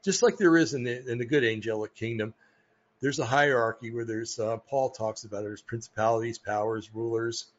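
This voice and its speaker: An American man hosting a podcast, talking casually about religion in a rambling way, with many pauses and restarts. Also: medium pitch, steady tone, dull audio. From United States. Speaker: podcast host. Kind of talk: casual religious talk monologue.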